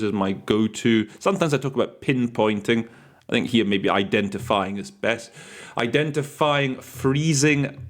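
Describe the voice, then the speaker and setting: A man coaching interpreters in a casual teaching talk, thinking aloud with fillers and restarts and telling chatty anecdotes. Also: medium pitch.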